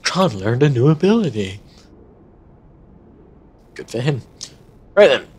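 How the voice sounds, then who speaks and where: Lively man commenting on gameplay. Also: mid-range voice, slow pace, a little hiss or hum. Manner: lively, reactive, wry asides. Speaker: gameplay streamer. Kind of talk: casual live commentary over gameplay. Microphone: headset.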